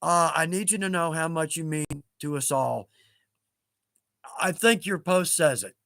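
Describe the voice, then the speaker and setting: A man's voice: a little high, unhurried, fairly bright tone, no room sound, studio quality. A man in his fifties hosting a casual livestream, chatting in a rambling, self-mocking way and chuckling at himself. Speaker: livestream host.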